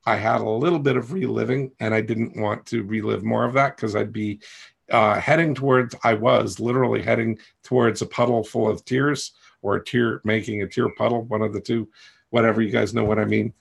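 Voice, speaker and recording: A man's voice: fairly low pitch, fairly even intonation, fairly quick, vocal fry, slightly rough. A man hosting a coaching session, talking to a group in a candid, rambling way with self-deprecating humor. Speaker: coach and host.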